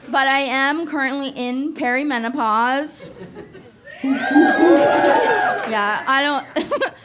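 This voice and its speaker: A high-pitched woman in her forties performs stand-up into a stage mic, swearing freely and mocking herself with animated delivery. A live crowd laughs loudly around her and some background noise comes through the club recording. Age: 40s. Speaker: stand-up comedian. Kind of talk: stand-up comedy set.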